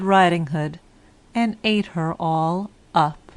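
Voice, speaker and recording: A woman narrating a children's storybook audiobook in a slow, measured reading. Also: on the low side.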